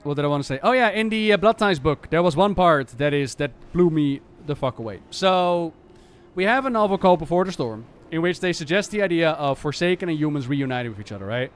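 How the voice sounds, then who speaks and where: A man streamer chatting casually about game lore in an animated, ranting and profane way. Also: on the high side, fairly quick, smooth.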